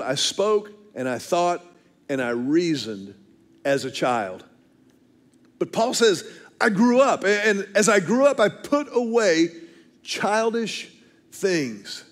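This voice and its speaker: A man in his fifties preaching a sermon, telling family stories and slowing down hard to stress key phrases. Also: sits high. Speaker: pastor.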